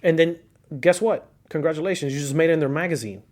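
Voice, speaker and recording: A man's voice: a little high, fast. A middle-aged man with a Cuban accent hosting a casual podcast, telling old car-scene stories with lots of laughter and acted-out quotes. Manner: animated storyteller, laughs often, acts out quotes. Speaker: podcast host.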